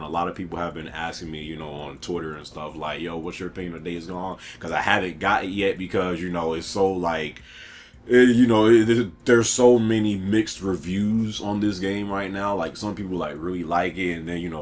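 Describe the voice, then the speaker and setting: A man giving a casual, chatty video game review, talking animatedly with lots of fillers, restarts and laughs. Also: sits low.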